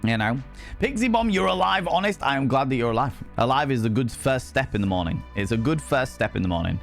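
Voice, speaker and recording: A man in mid pitch talks loosely to his live-stream chat from a home desk setup. He teases viewers with cheeky pet names and swings his voice up into grand, jokey flourishes. Soft music plays faintly underneath. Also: lively intonation, fast, vocal fry. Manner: swoops up high for mock grandeur. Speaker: livestreamer.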